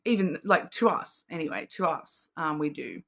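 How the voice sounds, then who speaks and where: A woman's voice: low-pitched, animated, moderate pace, creaky. An Australian woman giving a casual, intuitive card reading, rambling with many fillers and restarts. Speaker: card reader.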